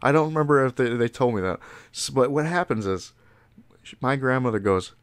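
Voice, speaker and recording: A man's voice: mid-range voice, brisk, smooth, dry recording. A young man on a podcast telling a funny story, cursing and restarting his sentences often. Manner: profane, excitable storyteller, restarts a lot. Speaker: podcast co-host. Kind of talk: casual storytelling chat.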